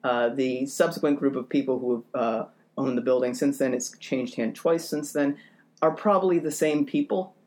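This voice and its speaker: A man spinning a comic story on a podcast, animated and self-mocking. His voice leaps up in pitch as he rants, and he lingers on his own misadventures for laughs. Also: normal speed. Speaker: podcast co-host. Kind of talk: comedic storytelling.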